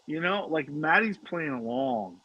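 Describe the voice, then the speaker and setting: A man's voice: fairly high pitch, animated, unhurried, dry recording, lo-fi sound. A middle-aged man, co-hosting a casual chat and telling a family story with lots of swearing and stammered restarts. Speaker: podcast co-host.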